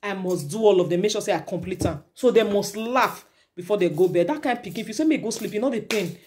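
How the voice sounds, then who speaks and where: A woman's voice: medium pitch, animated, quick pace, a little mellow. A woman with a Nigerian accent, a mother and vlogger, giving earnest advice to her viewers in casual talk, switching between Pidgin and English.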